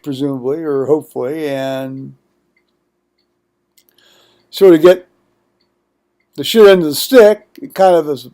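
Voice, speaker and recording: A man's voice: high-pitched, a little mellow. An older man vlogging at home in a rambling monologue, digressing often with blunt, profane asides.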